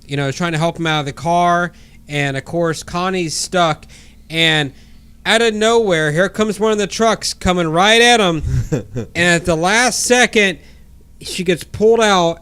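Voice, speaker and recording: A man's voice: on the high side, a bit bright, clear, resonant tone. A man casually recapping a film's plot as a podcast co-host, using lots of fillers and the odd swear word.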